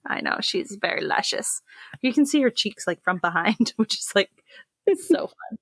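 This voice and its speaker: A woman co-hosting a casual podcast, chatty and quick to laugh. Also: medium pitch, lively intonation, vocal fry, fairly bright tone, no echo. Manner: giggly, chatty, laughs often. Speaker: podcast co-host. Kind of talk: casual chat.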